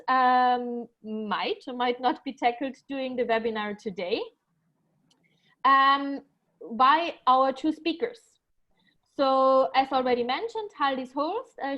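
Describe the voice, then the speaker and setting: A woman's voice: high voice, a bit bright, low-quality recording. A woman moderating an online webinar, introducing the speakers with frequent ums and small slips. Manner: many ums and uhs, reads bios with small slips.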